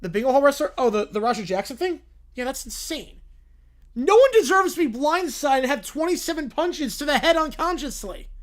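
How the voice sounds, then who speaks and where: Woman livestream host, sarcastic and joking, fairly high voice with lively pitch. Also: brisk. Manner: sarcastic, joking asides, frequent laughter. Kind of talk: casual live reaction commentary.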